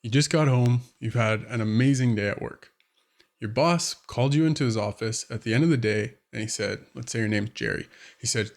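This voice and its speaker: A man's voice: medium pitch, a little fast, gravelly. A man who coaches on relationships, talking casually to camera and acting out everyday scenes. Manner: conversational, acts out scenarios with quoted voices. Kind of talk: direct-to-camera advice vlog.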